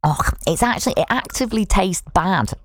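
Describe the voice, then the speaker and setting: A woman's voice: medium pitch, animated, a little fast, no echo, studio quality. Chatty woman presenting a radio phone-in. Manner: chatty, laughs often, teasing. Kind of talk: lively radio phone-in chat. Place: radio studio. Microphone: studio microphone.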